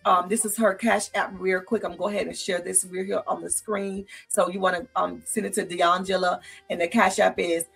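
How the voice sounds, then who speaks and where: A woman hosts a live talk show in a chatty, affirming way, speaking straight to her viewers. Her voice is gravelly and somewhat husky. Faint music plays behind her. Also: on the low side, flat delivery, fairly quick, few pauses, fairly bright tone. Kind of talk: casual live-stream hosting.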